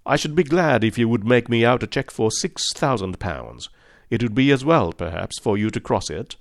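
A man voicing a cold, inexorable male detective who speaks calmly, precisely and insistently. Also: mid-range voice, moderate pace, no room sound, clean studio sound. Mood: cool.

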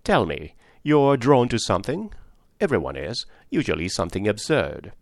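Male reader as poised young lady, cool and teasing, higher voice, dry read. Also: wildly swooping pitch, normal speed, creaky, dry recording, exaggerated voice.

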